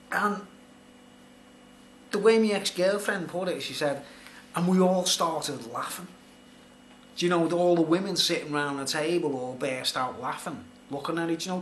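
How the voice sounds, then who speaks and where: Brief: middle-aged man, slightly high voice, rambling storyteller, echoey room with faint hiss. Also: fairly bright tone. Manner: rambling, filler-heavy, conversational. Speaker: vlogger. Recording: roomy echo, faint background noise.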